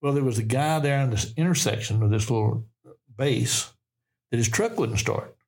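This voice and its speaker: A man's voice: medium pitch, moderate pace, vocal fry, darkish tone. An older man with a Southern US accent, telling folksy, rambling stories of his past as a podcast guest. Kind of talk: storytelling in a podcast interview.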